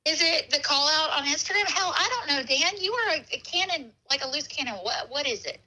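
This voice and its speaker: A woman's voice: sits high, animated, brisk, bright, forceful tone. A woman answering a phone call in a casual chat, teasing, giggly and sassy. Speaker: phone caller.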